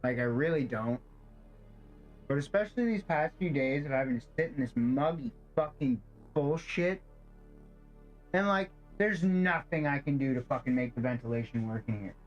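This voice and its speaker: A male streamer swears a lot and rants in exasperation during casual gameplay commentary, overheated in a stuffy, hot apartment. His medium-pitched voice is expressive at a moderate pace, the highs are cut off, and faint game music plays behind him.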